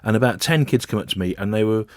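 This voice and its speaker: A man's voice: lowish voice, fast, no echo, studio quality. A man, a comedian, telling a rambling anecdote in casual chat and acting out what he said. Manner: rambling storyteller, acts out what he said. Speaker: comedian guest.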